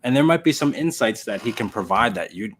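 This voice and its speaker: A man co-hosting a casual livestream chat, telling an anecdote with lively acted-out voices. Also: lowish voice, brisk. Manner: animated storyteller, acts out voices in anecdotes.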